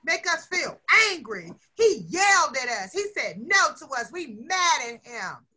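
Bright, expressive woman teacher. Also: high voice, a little slow. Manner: expressive, coaxing, asks children questions. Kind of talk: classroom lesson with young children.

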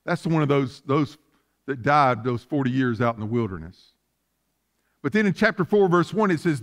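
A man's voice: a little high, lively intonation, normal speed. A man preaching a sermon as pastor, asking fervent rhetorical questions.

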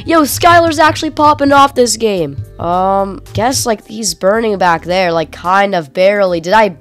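Excitable gamer woman calling plays. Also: mid-range voice, moderate pace, hardly any pauses, soft background music. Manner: excitable, slangy play-by-play, swings from mutters to yelps. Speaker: gaming YouTuber. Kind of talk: live gameplay commentary.

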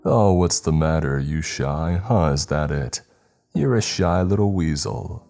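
A man's voice: very deep voice, animated, a little slow, creaky, dark tone, heavily acted. A man voicing a childish, growly demonic entity that mocks and teases, over faint music. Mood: taunting. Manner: mocking, teasing.

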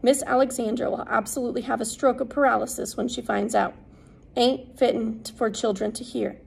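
A woman's voice: fairly high pitch, steady tone, fairly quick, vocal fry, breathy edge, heavily acted, poor audio. A woman voicing a stern, indignant housekeeper who scolds the children. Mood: scolding.

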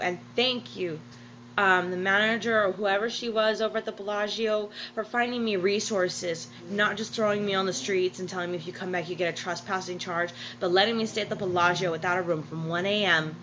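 A woman's voice: fairly low pitch, sharp tone, a little hiss or hum, low-quality recording. A woman vlogging from a hotel room, telling a long personal story in a blunt, profane way and often correcting herself. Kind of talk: casual storytelling monologue.

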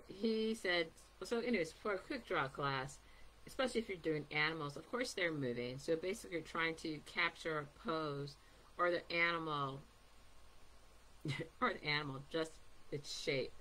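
A woman's voice: low-pitched, fairly bright tone, slight background noise. A woman giving a casual live painting demonstration, chatty and rambling with many ums, recorded at her table at home. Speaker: artist giving a painting demo.

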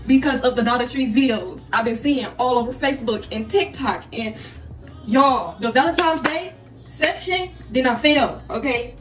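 A young woman hosting a casual haul vlog, chatty and slangy, talking straight to her viewers. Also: high-pitched. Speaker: vlogger. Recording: echoey room, distant mic, faint noise.

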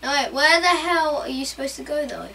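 A woman reacting out loud while playing a racing game, laughing and exclaiming often. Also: high voice, brisk. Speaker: gameplay streamer. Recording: mic a bit far off, faint room noise.

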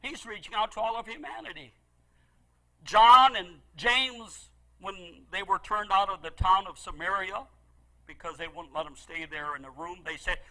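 A middle-aged male pastor delivering a sermon in a very high, sharp, bright voice. He tells his story with great passion, pleading loudly at some moments and dropping to a near hush at others. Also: unhurried, poor audio. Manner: impassioned storytelling preacher, swings from loud pleading to hushed.

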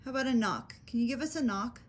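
A woman's voice: on the high side, quick pace. A woman paranormal investigator calling out to spirits in an old hotel, speaking in a patient, coaxing, reassuring way. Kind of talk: calling out to spirits during a ghost hunt.

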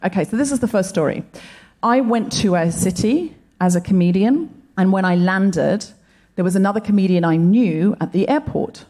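A woman's voice: mid-range voice, normal speed, warm tone. A woman co-host telling reflective stories to a live audience in a stand-up set. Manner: earnest, reflective storytelling. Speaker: co-host comedian. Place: comedy venue stage before a live audience.

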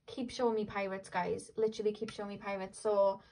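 A woman's voice: medium pitch, level tone, brisk, darkish tone, rough recording. A young woman giving a casual tarot reading to camera, chatty and rambling with lots of fillers. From Wales. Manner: chatty, rambling, frequent "like" and "um" fillers, laughs easily. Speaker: tarot reader.

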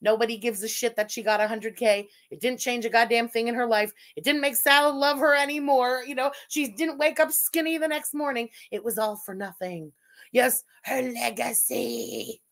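Woman streamer roasting a video live, cursing a lot, pretty high voice. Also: moderate pace, fairly bright tone. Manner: crude, mocking, bursts into laughter and shrieks. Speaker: streamer commentator. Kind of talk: live-stream reaction commentary.

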